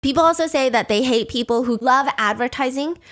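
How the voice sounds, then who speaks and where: A woman's voice: high voice, a little fast, a bit bright. Chatty sarcastic woman storyteller. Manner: chatty, sarcastic, acts out quoted people. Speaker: host recapping a dating show. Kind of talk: casual storytelling commentary.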